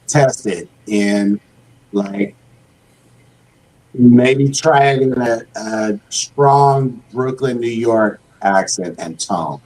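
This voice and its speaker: A man's voice: medium pitch, drawn-out words, darkish tone, poor audio. A man hosting a casual panel over a video call, steering the talk with questions. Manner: guiding, asks panelists questions. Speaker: host.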